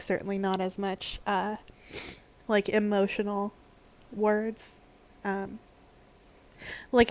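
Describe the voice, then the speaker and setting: A woman streaming a game live, chatting in a casual, openly emotional way, laughing often and apologizing for tearing up. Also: medium pitch. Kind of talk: live-streamed gameplay commentary.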